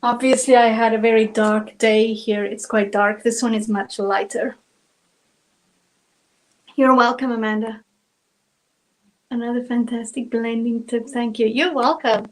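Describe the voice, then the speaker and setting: A woman's voice: on the high side, flat delivery, normal speed, hardly any pauses, a little mellow, poor audio. A woman from South Africa with a South African accent, chatting through a live acrylic painting tutorial step by step. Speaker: painting instructor.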